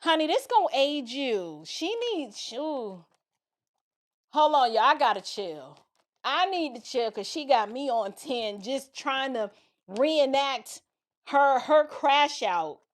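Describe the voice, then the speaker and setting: Blunt, high-voiced middle-aged woman commentator. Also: expressive, a little slow. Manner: blunt, emphatic, colloquial. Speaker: political and cultural commentator. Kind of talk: casual reaction commentary.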